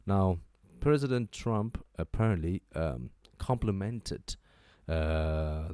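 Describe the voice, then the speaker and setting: A man hosting a talk show, giving joking, animated commentary and repeating his phrases for emphasis. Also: low-pitched, slow pace, smooth, dry recording, studio quality. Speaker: host. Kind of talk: casual commentary monologue.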